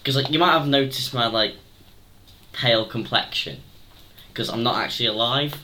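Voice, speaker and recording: A man's voice: medium pitch, moderate pace, bright, forceful tone, a little hiss or hum, natural voice. A man voicing an undead male halfling prisoner with a Liverpool accent, cheeky and apologetic. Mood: sheepish. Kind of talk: improvised tabletop role-play.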